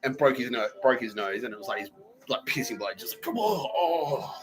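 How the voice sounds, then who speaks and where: A man's voice: fairly low pitch, fairly even intonation, quick pace, over music, rough recording. A man hosting a podcast, telling a rambling, profane story with lots of laughter. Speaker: podcast host. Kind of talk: casual storytelling.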